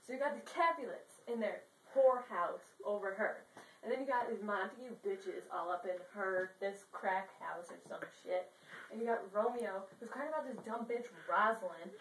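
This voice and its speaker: A woman's voice: a little high, recorded from a distance, a little hiss or hum. A woman retelling a classic play as a crude, slangy comedy bit, recorded in a roomy space away from the mic. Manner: crude, brash and profane. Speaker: storyteller.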